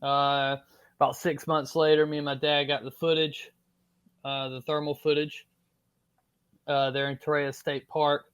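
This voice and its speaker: This podcast guest, a man from Florida with a thick Southern drawl, recounts his story in a loose, lively way full of filler words and offhand cursing. He speaks at a measured pace with long pauses, his fairly high voice coming through with a clean tone.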